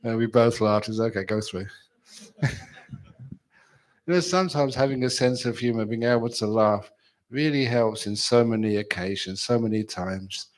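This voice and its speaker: A man's voice: mid-range voice, moderate pace. A man giving a chatty, humorous dharma talk at a retreat, telling stories and laughing with his audience. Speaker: meditation teacher.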